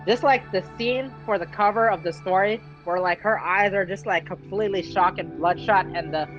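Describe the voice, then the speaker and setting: Excitable vlogger over faint music. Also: medium pitch, highs cut off. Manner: excitable, slangy, acts out character quotes. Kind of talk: casual game story recap.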